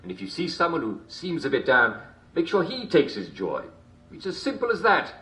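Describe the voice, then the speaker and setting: Uncle Jack, a chuckling show host. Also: male voice, fairly high pitch, wildly swooping pitch, moderate pace, bright, forceful tone, heavily acted. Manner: chuckles constantly between lines, chummy showman patter. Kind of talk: video game character performance.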